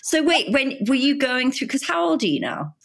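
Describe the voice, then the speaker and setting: A woman's voice: high-pitched, very animated, normal speed, vocal fry, a bit bright. A woman hosting a podcast, chatting in a bubbly, exclamatory way. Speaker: podcast host. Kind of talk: casual conversation.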